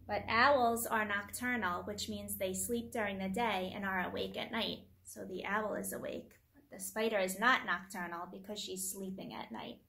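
A woman's voice: mid-range voice, fairly even intonation, moderate pace, creaky, few pauses, bright, forceful tone. A woman hosting story time for young children, reading a picture book aloud in a sing-song teacher voice and making the animal sounds.

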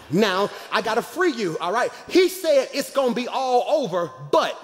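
Male pastor, 40s, high-pitched shouting call-and-response preacher in a church sanctuary. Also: long reverb tail. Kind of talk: live sermon.

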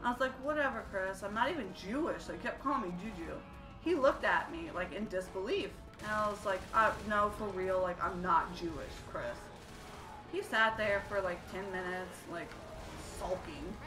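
A woman's voice: medium pitch, moderate pace, music in the background. A young woman telling stories casually while playing a game, profane and laughing as she talks. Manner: profane, laughing, animated storyteller. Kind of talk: casual storytelling over gameplay. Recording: roomy, distant, noisy room recording.

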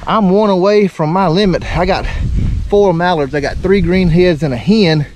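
A man, narrating his duck hunt in a folksy, excitable way, recorded outdoors in a windy marsh on a camera mic. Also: sits high, moderate pace. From Alabama. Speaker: duck hunter and channel host. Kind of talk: outdoor hunting vlog narration. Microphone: handheld camera mic.

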